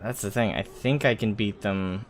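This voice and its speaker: Low-voiced man streaming a game. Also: moderate pace. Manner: laid-back, chatty, mutters while playing. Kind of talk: casual gaming stream chat.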